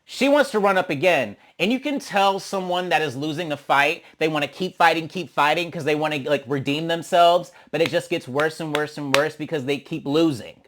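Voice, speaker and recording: A man's voice: fairly high pitch, moderate pace, hardly any pauses. Sassy young man recapping reality TV. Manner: sassy, animated, swings into mocking quoted voices. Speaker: reality show recap host. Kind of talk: casual commentary recap.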